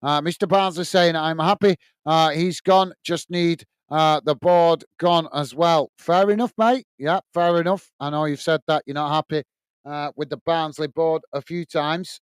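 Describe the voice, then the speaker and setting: A man's voice: on the high side, steady tone, normal speed, smooth, no room sound. A middle-aged man with a Northern English accent, hosting a football watch-along, calling the match and reading out viewer messages in a blunt, chatty way. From north of England. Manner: chatty, blunt, laughs easily, says mate a lot.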